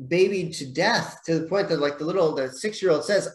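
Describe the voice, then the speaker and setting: Brief: male martial arts instructor, slightly high voice, animated storyteller, roomy echo. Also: fairly quick. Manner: animated storyteller, acts out quotes. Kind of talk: casual podcast conversation. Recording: echoey room.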